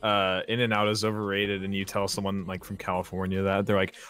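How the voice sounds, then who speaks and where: Young man with wry, relaxed remarks. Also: sits low, fairly quick, soft background music. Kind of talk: casual chat.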